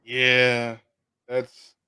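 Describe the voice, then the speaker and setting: A man from the States, hosting a casual interview and telling stories in a relaxed way. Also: medium pitch, very slow, clean tone, no echo. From Southern United States.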